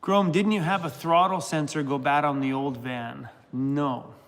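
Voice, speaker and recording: A middle-aged man chats loosely on a livestream, reading out member names and laughing often. His voice sits a little high for a man, and a long reverb trails his words. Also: steady tone, a little slow, fairly bright tone. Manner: chatty, laughs often, talks to his dog. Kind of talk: casual livestream chat.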